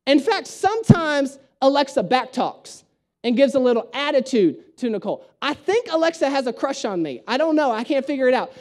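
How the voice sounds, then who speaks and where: A young male pastor with a notably high voice tells jokes as he preaches a relaxed sermon. He talks in an animated, storytelling way, and his delivery stays light and playful. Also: brisk. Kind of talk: conversational sermon.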